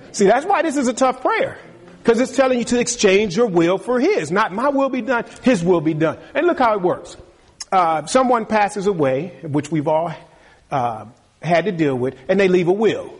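A male preacher with a fairly high, husky voice delivers a sermon. His pitch swoops up and down as he talks in an animated, conversational way and acts out quick asides.

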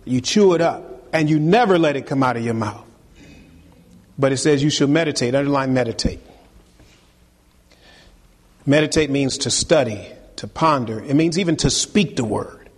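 A middle-aged man preaching a sermon as pastor, animated and teasing, calling on the congregation for amen. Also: mid-range voice, moderate pace, pauses often, slightly rough. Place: church sanctuary. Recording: long reverb of a hall.

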